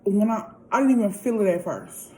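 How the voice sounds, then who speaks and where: A woman's voice: medium pitch, expressive, brisk, dark tone, a little hiss or hum, poor audio. A woman vlogger telling a story in a casual, chatty way, often calling out to her viewers directly. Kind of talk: casual storytime while eating.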